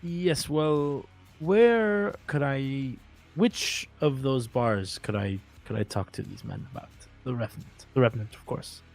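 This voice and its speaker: A soft-spoken, formal traveling hunter, voiced by a man, who picks his words carefully and hesitantly. His voice sits at an ordinary middle pitch, and gentle music plays underneath. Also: slow pace, long pauses, close to an everyday voice. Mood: polite.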